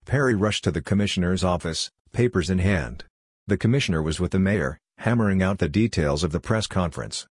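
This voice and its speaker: Deep husky male story narrator. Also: brisk, no room sound, studio quality. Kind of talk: audiobook-style fiction reading.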